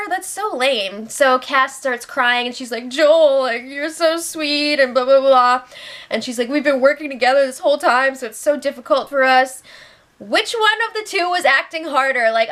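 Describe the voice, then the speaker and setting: Young woman, casual recap host, sarcastic, chatty, slightly high voice. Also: a bit bright. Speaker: reality show recap host.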